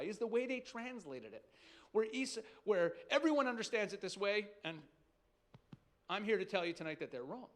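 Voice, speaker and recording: A man's voice: sits high, very animated, normal speed, a bit bright. A man, a rabbi, preaching in a conversational, emphatic way, asking rhetorical questions and restarting sentences. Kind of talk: sermon.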